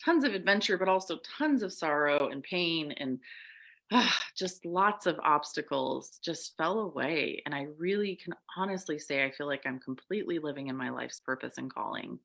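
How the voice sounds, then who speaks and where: A woman's voice: moderate pace, creaky. A woman co-hosting a podcast as a coach, telling her story in casual chat and acting out the quoted voices. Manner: animated, acts out quoted voices with big pitch jumps.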